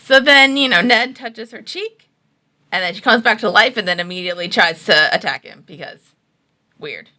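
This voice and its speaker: A woman's voice: mid-range voice, moderate pace, sharp tone. A woman co-hosting a casual review chat, recapping the plot loosely with many fillers. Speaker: co-host.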